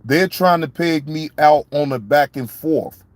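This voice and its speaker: Casting: male streamer, slightly high voice, cursing freely, chatting to his viewers, close dry mic. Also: measured pace, no room sound. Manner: profane, repetitive, talks to chat viewers by name. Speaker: live-stream reaction host. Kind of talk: casual live-stream commentary.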